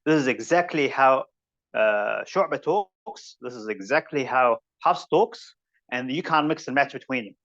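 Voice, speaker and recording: A man's voice: mid-range voice, expressive, a little slow, a bit bright, muffled recording. A man with a New Zealand accent teaching a tajweed class online in a casual, rambling way, now and then reciting Arabic verses. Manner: informal, rambling explanations with recited Arabic phrases.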